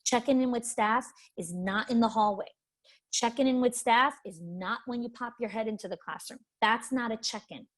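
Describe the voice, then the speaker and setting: A woman's voice: a little high, moderate pace. A woman leadership coach teaching a webinar in an emphatic way, repeating her key points. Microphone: webinar microphone.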